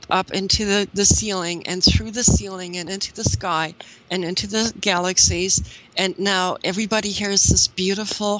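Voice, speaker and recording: A woman's voice: medium pitch, a bit bright, a little hiss or hum, poor audio. A woman guest on an interview show, earnestly recounting a personal spiritual story in a rambling way, with many "you know"s and "um"s.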